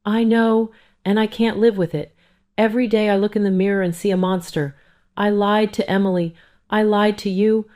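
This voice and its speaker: A woman's voice: deep voice, fairly even intonation, normal speed, long pauses, a little mellow, close to an everyday voice. A woman voicing a guilt-ridden male gambler who stammers and pleads, in a first-person audio story. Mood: desperate.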